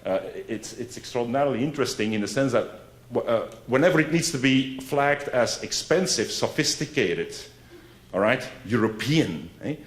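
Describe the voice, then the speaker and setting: A man's voice: mid-range voice, lively intonation, moderate pace. A man giving an academic conference talk in a conversational way, often checking in with "right?" and repeating points for emphasis. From Belgium. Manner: conversational, frequent "right?" and "eh?" asides, emphatic repetition. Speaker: academic lecturer. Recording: roomy hall echo.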